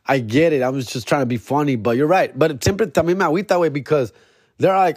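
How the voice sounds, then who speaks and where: A man's voice: on the high side, fast talker, husky. A man, hosting a comedy podcast in a laid-back, slangy, profane monologue.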